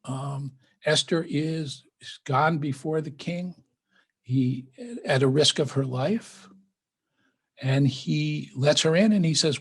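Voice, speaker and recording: Older male rabbi for a scripture class: raised pitch, husky and gravelly, reads a passage then unpacks it casually, video call sound. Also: takes it slowly. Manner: reads scripture aloud, then explains it conversationally. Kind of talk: scripture study lecture.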